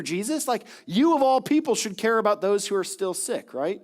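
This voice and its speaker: Animated high-voiced male preacher. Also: brisk, few pauses. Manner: animated storytelling, acting out voices of Jesus and listeners. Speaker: pastor. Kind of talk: sermon.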